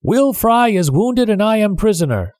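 Storybook figure: man voicing a captive seaman hollering across the dark, pitched high and urgent, dry recording. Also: sing-song, normal speed, no room sound. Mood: urgent calling. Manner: loud urgent calling out. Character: captured male sailor calling on comrades to surrender.

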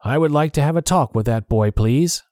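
A man voicing a brisk, stern male doctor in a storybook reading, raising his voice for the part. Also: medium pitch, a little mellow, no room sound, studio quality, voice pushed up, lightly acted. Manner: brisk, clipped.

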